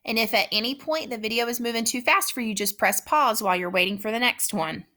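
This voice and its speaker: A woman teacher giving a spelling dictation lesson, speaking slowly and repeating each word with patient care. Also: on the high side, bright, forceful tone. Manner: slow, patient, repeats words carefully.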